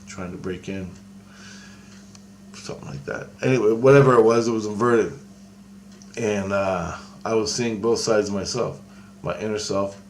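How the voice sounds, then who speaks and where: Man, low gravelly voice, rambling casual story, faint hiss behind. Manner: rambling, with many restarts and quoted dialogue.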